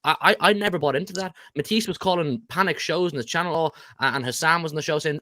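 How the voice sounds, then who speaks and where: A man talks fast and with conviction in a football podcast debate, dismissing critics and insisting his team bought wisely. His voice sits slightly high, and the sound is close and dry. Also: bright, forceful tone, dry recording. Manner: confident, defensive, dismissive of rivals. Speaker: Man City fan panelist.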